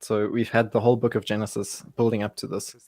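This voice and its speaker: A man's voice: lowish voice, level tone, fast, a little mellow. A man hosting a casual livestream Bible study, easygoing and chuckling, often restarting his sentences.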